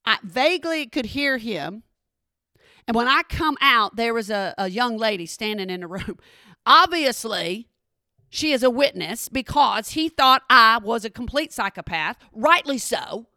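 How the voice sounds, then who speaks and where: A woman telling a funny personal story in an animated, exasperated way, talking straight to her listeners. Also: a little high, unhurried, dry recording, studio quality. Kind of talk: comedic storytelling monologue.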